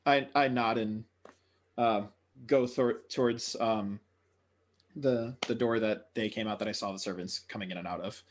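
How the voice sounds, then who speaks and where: A man's voice: on the low side, steady tone, normal speed. A man playing in a tabletop game, talking casually and hesitantly, with frequent swearing. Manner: hesitant, filler-heavy, swears. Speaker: player.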